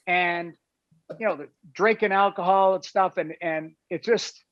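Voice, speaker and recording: A man's voice: high voice, steady tone, measured pace, no room sound. A man, a guest on a talk show, tells a casual anecdote in a rambling way, full of "like" and "you know". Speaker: guest telling a story. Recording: dull, lo-fi, dry sound.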